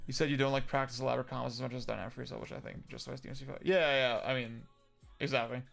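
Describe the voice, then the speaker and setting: A man's voice: mid-range voice, little pitch movement, very fast, vocal fry, a bit bright, faint music behind. A young man chatting casually on a livestream, answering viewer comments in a rambling way, with lots of fillers, restarts and casual swearing. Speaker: livestream host.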